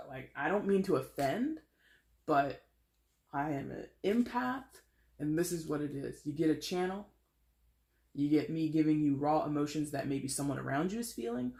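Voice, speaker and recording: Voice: mid-range voice, gravelly, darkish tone, echoey room. A tarot reader from the States giving a blunt, tough-love reading with a sarcastic edge. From United States. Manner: sarcastic, mimics whiners.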